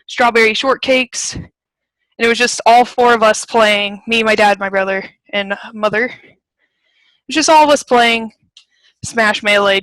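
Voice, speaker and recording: A young woman, a guest on a casual podcast, tells stories and giggles through them. Her voice is bright and fairly high, and the sound is dry and close, as from a video call. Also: no echo. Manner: giggly, animated storyteller. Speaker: interview guest.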